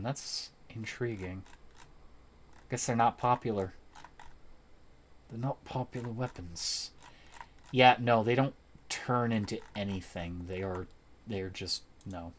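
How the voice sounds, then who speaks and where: A man streaming a game live, commenting as he plays, swearing and ranting when things go wrong. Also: lowish voice. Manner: swears and rants loudly when frustrated, then mutters.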